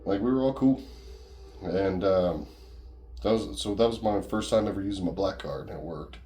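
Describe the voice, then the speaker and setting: A man's voice: low-pitched, darkish tone, slight background noise. A man casually telling a personal story in a rambling, profane, conversational way.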